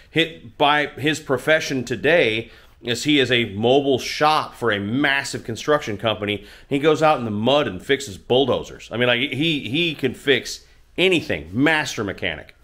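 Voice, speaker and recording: A man's voice: medium pitch, fairly bright tone. Middle-aged man, mid-range voice, casual rambling host, self-deprecating, recorded in a home garage. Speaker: motorcycle channel host. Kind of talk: casual storytelling to camera.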